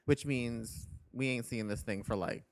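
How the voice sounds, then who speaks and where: A man's voice: medium pitch, measured pace, gravelly, no echo. A man co-hosting a casual gaming podcast, chatty and full of filler words. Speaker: podcast co-host. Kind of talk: casual chat.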